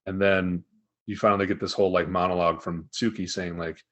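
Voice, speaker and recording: A man co-hosting a casual podcast, recapping an anime episode in a profane, animated storytelling manner. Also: sits low, fairly quick, lo-fi sound. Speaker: podcast co-host.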